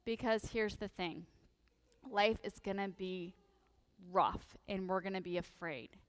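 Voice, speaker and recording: A woman priest giving a lively, humorous sermon in a church, full of animated, sarcastic asides. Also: medium pitch, a little slow, in a large hall. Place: church sanctuary.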